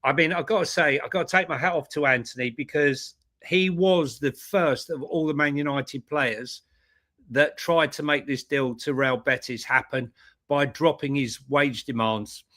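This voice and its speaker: Co-host, male, bright and forceful tone, chatty, laughs easily. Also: a little high, normal speed. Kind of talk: casual football chat.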